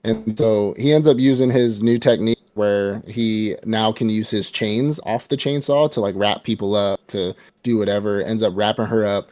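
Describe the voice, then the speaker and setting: A man's voice: lowish voice, steady tone, moderate pace, few pauses, a little mellow, dry recording. A man co-hosting a casual movie review podcast, retelling scenes with lots of laughter and acting out the characters' lines. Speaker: podcast co-host.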